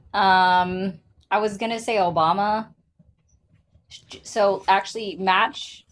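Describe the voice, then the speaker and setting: A woman co-hosting a live stream, joking and teasing with a playful manner. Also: medium pitch. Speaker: co-host.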